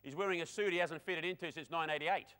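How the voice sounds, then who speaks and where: A man giving a lively conference keynote, chatty and energetic, speaking straight to the audience. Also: a little high, fast talker, clear, resonant tone. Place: conference hall.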